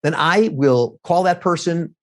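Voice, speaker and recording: A middle-aged man, a TV political commentator, telling stories quickly in a casual interview and acting out quoted lines. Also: on the high side. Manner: quick, animated storytelling with acted-out quotes.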